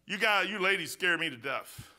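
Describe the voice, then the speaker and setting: Animated, bright-voiced man preaching. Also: sits high, normal speed. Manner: folksy, animated, often says "man". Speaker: pastor. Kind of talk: sermon.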